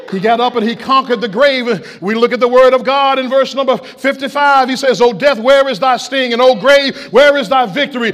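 A man preaching an impassioned Easter-style sermon in a church, calling out to the congregation. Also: very high voice. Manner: impassioned, shouting call-and-response preaching. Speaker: pastor. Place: church sanctuary.

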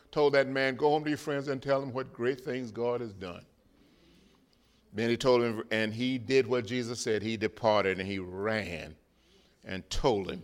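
A man in a church preaching a sermon, animated, rising to shouts and chuckling between points. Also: mid-range voice, clear, resonant tone. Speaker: guest preacher.

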